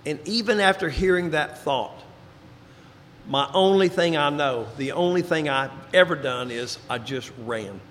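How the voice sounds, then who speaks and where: A man giving a personal recovery testimony, telling his story and dropping into quiet, low tones for emphasis. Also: measured pace, a little hiss or hum. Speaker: recovery speaker. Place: large hall before an audience. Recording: reverberant hall, faint ambience.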